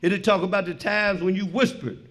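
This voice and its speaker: A middle-aged man giving a profane, animated personal share at a recovery meeting, swinging between loud punchlines and quiet reflection. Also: high voice, fairly quick. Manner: profane, street slang. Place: meeting hall before an audience.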